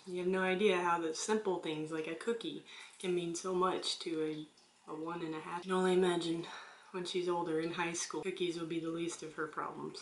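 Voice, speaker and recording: A young woman, a stay-at-home mom, chatting casually on her vlog with wry, deadpan asides. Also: on the low side. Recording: echoey room, faint background hum.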